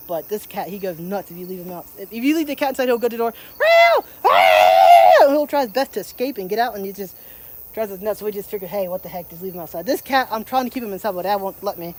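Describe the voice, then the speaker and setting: A woman's voice: medium pitch, a little mellow, slight background noise. Young female daily vlogger, casual walk-and-talk, rambling, outdoor camera sound with faint insects. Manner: rambling, chatty, frequent "like" fillers. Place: outdoors in a garden. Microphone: handheld camera while walking.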